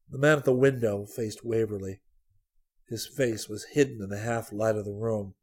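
A man's voice: lowish voice, fairly even intonation, normal speed, darkish tone, breathy edge. Man narrating a spy novel. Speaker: audiobook narrator. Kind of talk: scripted narration.

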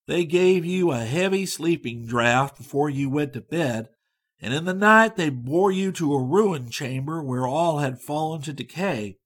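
A man voicing a playful, loving young woman in a storybook, bright and teasing. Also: fairly high pitch, lively intonation, unhurried, husky. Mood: merry.

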